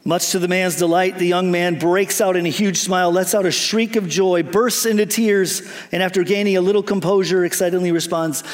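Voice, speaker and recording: Man preaching, tells a story, jokes with the crowd, kinda high voice. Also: fairly quick, hardly any pauses, in a large hall. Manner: lively, humorous storytelling. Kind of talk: sermon storytelling.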